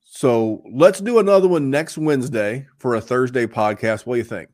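A man of average pitch hosts a podcast in a loose, upbeat way. He rambles a little, stacking shout-outs and plugs as he goes, in an easy, casual chat. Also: moderate pace. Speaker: podcast host.

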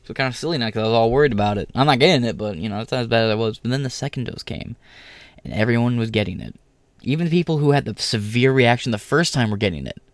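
An American vlogger delivers a heated ranting monologue full of constant profanity, mocking people by mimicking them. His pitch is middle, his pace quick, and the recording is dry with no room sound.

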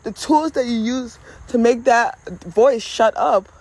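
A candid, conversational voice giving casual motivational advice to camera. The speaker talks to listeners directly and familiarly, with a middling pitch. Now and then a blunt swear word slips into the talk. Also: measured pace, darkish tone. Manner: candid, conversational, with occasional profanity.

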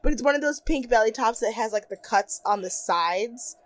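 A woman's voice: fairly high pitch, lively intonation, moderate pace. A young woman co-hosting a podcast, talking casually and animatedly, often quoting people in exaggerated voices and laughing. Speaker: podcast co-host. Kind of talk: casual chat.

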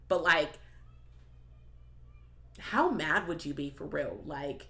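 Slow, with long pauses, this podcast host speaks in a low voice that sounds pushed and bright. Her casual commentary is full of laughter, profanity and the word "like" used as filler.

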